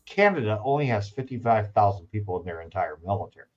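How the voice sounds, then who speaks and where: Male podcast host, casual, animated storyteller, muffled lo-fi audio. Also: on the low side, quick pace. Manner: animated storyteller, acts out quoted dialogue. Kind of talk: casual chat. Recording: dull lo-fi sound.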